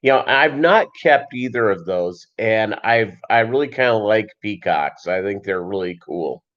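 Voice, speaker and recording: A man's voice: fairly low pitch, animated, a bit bright. Rambling man on a dull lo-fi stream. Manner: rambling, many fillers and pauses, reads chat aloud. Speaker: livestream host. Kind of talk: casual livestream chat.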